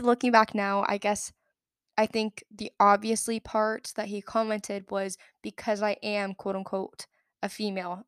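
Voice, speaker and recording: A young adult woman hosts a casual solo podcast, telling a story in a chatty, opinionated way packed with filler words. Her mid-range voice is smooth, and the recording is dry and studio-clean.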